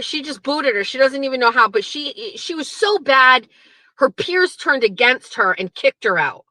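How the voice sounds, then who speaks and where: A woman's voice: high-pitched, lively intonation, moderate pace, sharp tone, dry recording, rough recording. A young adult woman hosting a casual talk show, rambling and profane, laughing often and slipping into mocking voices. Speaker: show host. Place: home studio.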